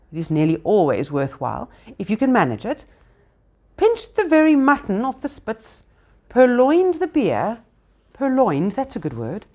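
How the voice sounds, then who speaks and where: A woman reading a storybook aloud to children, expressive and unscripted, with small slips. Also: medium pitch. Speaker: reader to children.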